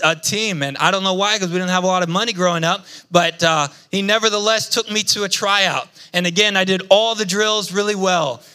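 A young man preaches in church with a high, bright, ringing voice. He tells personal stories with energy and keeps calling out to the congregation for a response. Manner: lively storytelling with congregation call-outs. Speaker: pastor. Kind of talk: sermon.

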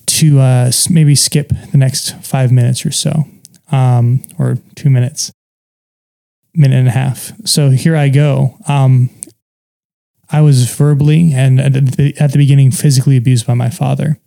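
A man tells his own story in a quiet conversation, earnest and reflective. His voice is dark and mellow with a gravelly edge, and his speech is halting, full of pauses and fillers. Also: medium pitch, flat delivery. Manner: earnest and open about painful memories. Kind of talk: personal testimony in conversation.

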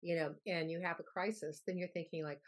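A woman with a fairly low voice talks loosely and at length as an interview guest. She wanders through her stories and acts out the people in them. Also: fairly even intonation, fairly quick. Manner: rambling storyteller, acts out quoted voices. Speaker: guest health expert. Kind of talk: casual interview chat.

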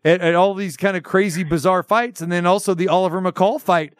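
A man's voice: high-pitched, a little fast, dry recording, studio quality. A man hosting a boxing radio show, asking loose, rambling questions full of fillers. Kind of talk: casual radio interview.

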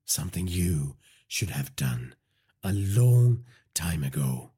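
A cold, vengeful vigilante who speaks in a very low, husky voice and terse, emotionless lines, as a male narrator voices him. He sounds commanding and unhurried throughout this crime audiobook. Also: big pitch swings, mellow, exaggerated voice. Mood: menacing. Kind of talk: audiobook character voice.

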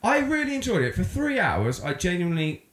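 A man co-hosting a podcast, rambling in casual chat and slipping into loud impressions. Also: high-pitched, fairly quick, roomy sound. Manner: rambling, animated, breaks into shouted impressions. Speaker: podcast co-host.

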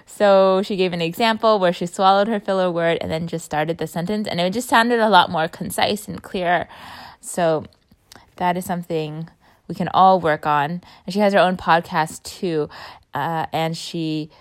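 A young woman chatting casually about a speaking workshop, full of fillers and trailing softly off at the ends. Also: fairly low pitch, moderate pace. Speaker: vlogger recapping a speaking workshop. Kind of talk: casual chat.

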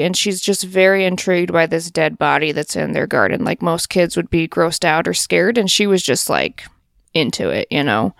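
Brief: woman podcast co-host, smooth clean voice, dry sound, chatty and upbeat. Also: fairly low pitch, dry recording. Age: adult parent. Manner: chatty, enthusiastic, lots of fillers. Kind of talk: casual chat.

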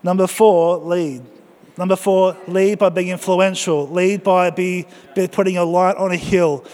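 High-voiced man preaching a sermon. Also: measured pace, big-room sound. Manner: energetic, joking, exhorting the congregation. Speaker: pastor. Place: church.

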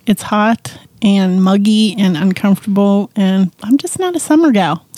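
Podcast co-host, middle-aged woman, mellow tone, nervous rambling, odd made-up twang, dry close sound. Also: mid-range voice, moderate pace, no room sound. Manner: nervous, rambling with many restarts. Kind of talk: casual chat.

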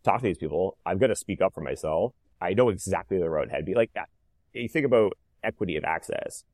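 Low-voiced man in his thirties telling his story. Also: fast talker, no room sound, studio quality. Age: 30s. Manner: animated, reenacts dialogue, frequent "like" fillers. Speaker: interview guest, cancer survivor. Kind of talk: conversational storytelling.

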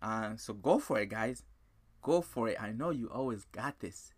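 A man hosting a podcast, telling a motivational story in an animated, excitable way and talking straight to his listeners. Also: lowish voice, normal speed. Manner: animated, excitable, repeats himself, addresses listeners as guys. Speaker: podcast host.

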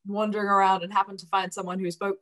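A woman's voice: mid-range voice, flat delivery, fast talker, a bit bright. A woman hosting a podcast interview, reacting effusively and asking questions. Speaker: podcast host.

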